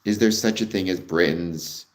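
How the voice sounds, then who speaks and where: A Canadian man with a low voice speaks at a normal speed as he hosts a livestream. He chats casually and warmly with viewers, rambling along with plenty of ums.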